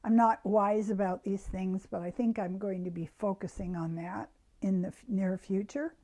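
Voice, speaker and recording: A woman giving a reflective self-help talk to her viewers, soft-spoken and often dropping to a hushed near-whisper. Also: mid-range voice, steady tone, normal speed.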